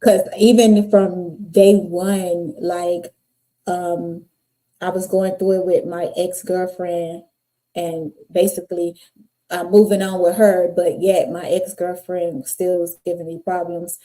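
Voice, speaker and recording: A woman's voice: on the low side, slow. A woman, guest on an interview podcast, telling her life story candidly and acting out the people in it. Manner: animated, acts out voices in her stories.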